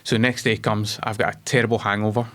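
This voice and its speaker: A Scottish man in his twenties, a guest telling his life story in an interview, emotional and animated. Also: on the low side, fast. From Scotland.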